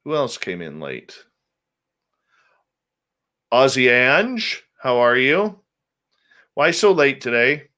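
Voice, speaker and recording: A man's voice: medium pitch, sing-song, takes it slowly, long pauses, pushed and bright. A man hosting a radio show, chatting casually with his live viewers, greeting them by name and muttering asides to himself.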